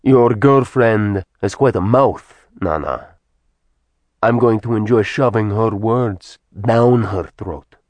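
A man's voice: fairly low pitch, slow, darkish tone, no room sound. A male narrator voicing an arrogant demon lord who makes cold, gloating threats. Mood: threatening.

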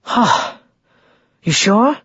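A man voicing an impassioned adult woman, raising his husky voice and speaking breathily. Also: big pitch swings, drawn-out words, a bit bright, no echo, muffled recording, heavily acted. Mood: doubtful. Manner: raised pitch, breathy and emotional. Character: impassioned adult woman, anxious then tender.

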